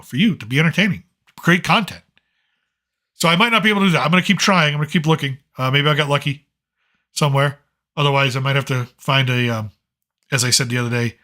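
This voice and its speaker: Boston male host, middle-aged, bright forceful voice, sardonic rambling live-stream monologue. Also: fairly high pitch. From Boston, Massachusetts. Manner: rambling, sardonic, with many restarts and fillers. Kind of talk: casual monologue.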